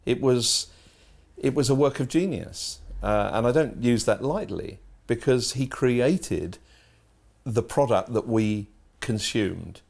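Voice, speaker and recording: A man's voice: mid-range voice, slow pace, creaky, darkish tone. A man giving a documentary interview in an emphatic manner.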